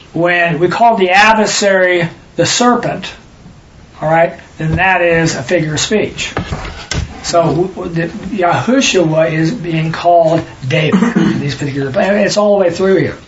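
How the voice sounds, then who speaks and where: Man, Bible study teacher, high pitch, corrective explaining style, faint hiss behind. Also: muffled recording. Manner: explanatory, stops readers to correct and stress words.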